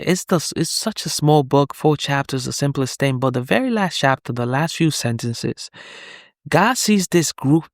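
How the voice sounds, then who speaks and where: A man talks through a scripture passage in a relaxed, conversational way, earnest and candid and often checking that the listener is following. His mid-range voice carries a gravelly edge, and the sound is close and dry, with no room around it. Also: medium pitch, no echo. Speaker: Bible teacher. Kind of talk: conversational Bible study talk.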